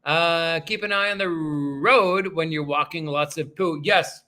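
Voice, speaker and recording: A man with a high, bright voice hosts a relaxed livestream, thanking viewers one after another. His talk rambles with frequent restarts, and he pokes fun at himself along the way. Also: measured pace. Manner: rambling, self-deprecating, thanks viewers often. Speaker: livestream host reading viewer comments. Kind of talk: casual livestream chat.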